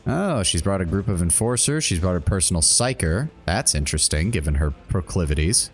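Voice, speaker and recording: Deep-voiced man running a tabletop game. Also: animated, brisk, faint music behind. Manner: rambling, self-correcting when chatting. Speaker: game master. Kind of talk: tabletop game narration and chat.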